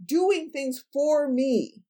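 Senior woman scientist as interview guest, high voice, emphatic and animated, quick to laugh. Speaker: astrophysicist guest. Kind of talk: podcast interview.

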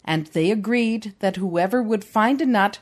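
A woman's voice: medium pitch, unhurried. A woman, the host's mother, reading a fairy tale aloud in a dry, matter-of-fact way on a podcast.

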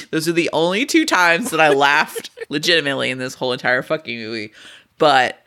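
A man's voice: on the high side, expressive, normal speed, pushed and bright. A man co-hosting a podcast, recapping a movie plot casually, laughing and swearing often. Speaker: podcast co-host. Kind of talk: casual chat, movie review.

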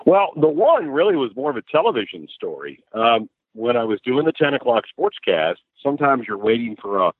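A man, a sportscaster from the American Midwest, telling stories in a casual interview with lively restarts and laughs. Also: fairly low pitch, no echo. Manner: animated storyteller, frequent restarts and laughs. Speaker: sportscaster guest. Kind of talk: conversational interview storytelling. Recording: dry, phone-like narrow line.

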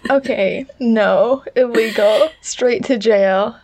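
A woman with a Utah accent co-hosting a podcast, chatting in a quick, animated and playful way. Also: on the high side. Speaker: podcast co-host. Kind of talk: casual chat.

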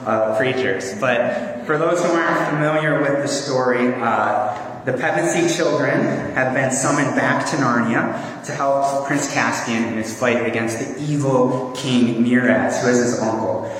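A man's voice: medium pitch, unhurried, slight background noise. A man preaching a sermon in an earnest, conversational way with small fillers. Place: church hall. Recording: echoey hall from far off.

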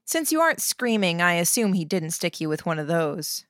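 A woman voicing a calm, clinical young woman medic who speaks in a flat, detached way. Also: lowish voice, normal speed, no room sound, studio quality. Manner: flat, textbook-reciting delivery.

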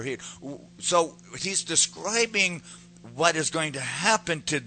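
A male preacher with a forceful, bright-edged voice delivering a fervent sermon. He leans into repeated words for emphasis, and a faint hum sits under the recording. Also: a little high, lively intonation, normal speed.

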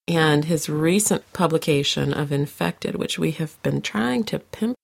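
A woman's voice: low-pitched, moderate pace, creaky, hardly any pauses, a little mellow. A woman co-hosting a podcast, reading out listener comments in a chatty way, laughing often, her throat sore from coughing. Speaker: podcast co-host. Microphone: home podcast microphone.

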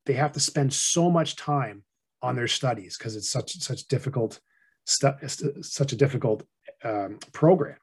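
This is a middle-aged man, speaking at an ordinary mid pitch. He explains saving habits like a patient advisor, steady and a bit monotone, in relaxed conversational podcast talk. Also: a little slow, breathy edge. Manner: monotone, plain-spoken explainer. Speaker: financial advisor guest. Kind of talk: casual podcast interview.

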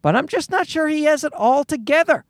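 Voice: high-pitched, animated, fairly quick, dry recording, studio quality. A podcast host ranting casually, swearing often and restarting sentences. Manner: profane, ranting, many restarts.

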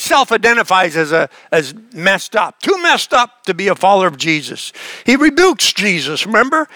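Man, pastor, sermon, high voice, bright tone, emphatic questioning. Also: dry recording. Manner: earnest, questioning, emphatic with restarts.

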